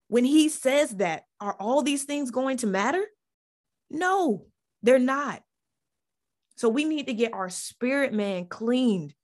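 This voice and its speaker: A woman hosting a faith podcast, preaching with fervor, repeating phrases and restarting lines as her feeling builds. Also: on the high side. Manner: fervent, repeats phrases, stumbles over restarts. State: getting emotional. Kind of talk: impassioned Christian teaching.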